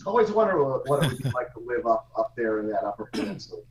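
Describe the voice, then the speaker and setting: A man's voice: mid-range voice, big pitch swings, quick pace, roomy sound, rough recording. A man chatting as a co-host, joking and restarting his sentences. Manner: jokey, stumbling restarts. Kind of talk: casual chat.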